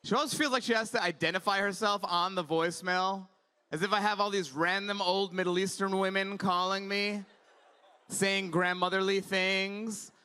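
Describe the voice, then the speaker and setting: A man's voice: sits high, steady tone, normal speed, sharp tone, smooth. A man in his thirties doing a stand-up comedy set on a conference stage, chatty and wry.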